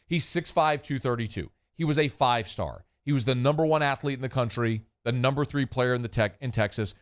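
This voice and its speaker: A man's voice: medium pitch, clear, resonant tone. Emphatic male sports radio host. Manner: opinionated and emphatic, with punchy repetition. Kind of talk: sports talk radio monologue.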